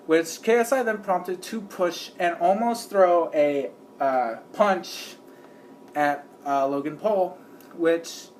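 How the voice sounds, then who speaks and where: Man, fairly high voice, casual rambling commentary, lots of fillers, faint background noise. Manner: acts out the people he describes. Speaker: video creator.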